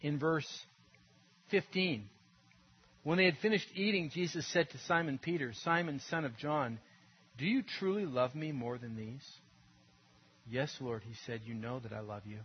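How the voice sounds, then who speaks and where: A man preaching a sermon in an earnest, conversational way, dropping to a hush and then rising to emphatic peaks. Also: mid-range voice, animated, a little slow, muffled recording, slight background noise. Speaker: pastor.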